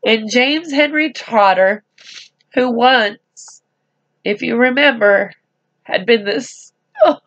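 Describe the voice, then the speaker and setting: A woman reading a storybook aloud to children, speaking slowly and gently and adding chatty asides to them. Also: fairly high pitch, muffled recording.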